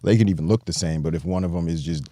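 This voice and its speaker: A man's voice: low voice, very fast, dark tone, no echo, studio quality. An American man hosting a podcast in casual, laid-back chat, laughing easily. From United States. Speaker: podcast host.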